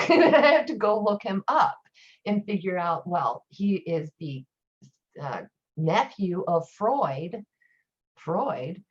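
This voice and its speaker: This occult priestess, a guest teacher in a casual chat, tells wandering stories in a lowish, slightly rough voice with big pitch swings and a slow pace. The sound is dull and lo-fi.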